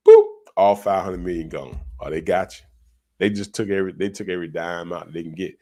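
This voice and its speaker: A man talking casually to his viewers in an animated, repetitive way, addressing them as y'all. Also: sits low, moderate pace. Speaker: crypto commentator. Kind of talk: casual livestream talk.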